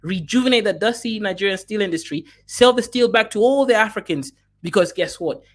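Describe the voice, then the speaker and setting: A man hosting an online panel discussion, talking fast and emphatically with casual slang. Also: high voice. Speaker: host.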